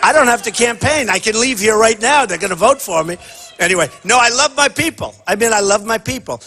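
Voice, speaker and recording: A man's voice: high voice, expressive, fairly quick, bright, forceful tone. A man giving an off-the-cuff campaign speech at a town hall, boastful and rambling, often repeating himself. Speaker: political candidate at a town hall.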